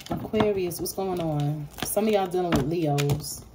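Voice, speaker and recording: A woman's voice: lowish voice, a little slow, noisy background. A woman reading tarot for her viewers in a casual, slangy way, blunt and profane, often laughing. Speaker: tarot reader.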